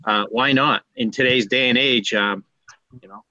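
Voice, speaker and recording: Bright, wry man with a Massachusetts accent. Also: mid-range voice, normal speed, dry recording, muffled recording. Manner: wry, self-deprecating, joking. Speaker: guest. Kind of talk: casual live-stream chat. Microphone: laptop built-in mic.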